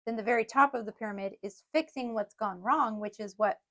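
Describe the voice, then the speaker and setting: A middle-aged woman in a relaxed podcast conversation, earnestly explaining her ideas. Her voice sits a little higher than most, and she laughs lightly now and then. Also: fairly quick. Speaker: podcast co-host. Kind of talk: casual parenting podcast chat.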